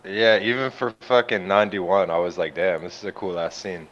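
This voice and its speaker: A man with a fairly low but bright, forceful voice talks casually about a film. He asks questions about scenes and swears freely, and the sound is dull and lo-fi. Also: steady tone, normal speed. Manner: casual, curious, swears often. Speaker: podcast co-host. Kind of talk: casual movie chat.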